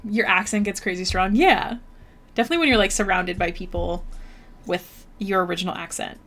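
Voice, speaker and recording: A woman's voice: medium pitch, brisk, fairly bright tone. A young woman with a Canadian accent, chatting casually with her viewers while she draws on stream, bubbly and full of fillers. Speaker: art streamer. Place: home streaming setup.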